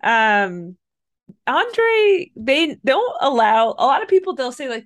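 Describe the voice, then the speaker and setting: A woman's voice: high voice, very animated, slow pace. A woman co-hosting a casual chat, recapping a film with laughs. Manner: chatty, laughs while telling. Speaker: podcast co-host.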